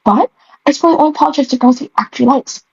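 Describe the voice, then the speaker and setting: A woman's voice: sits high, rapid-fire, gravelly, no room sound, dull audio, voice pushed up. A woman reading as a teasing teen schoolgirl.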